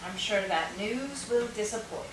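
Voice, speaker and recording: A woman reading a wry, sharp-witted lady. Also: mid-range voice, lively intonation, a little slow, lightly acted. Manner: dry, wry remarks. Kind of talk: table-read drama. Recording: echoey room, mic far off, noise.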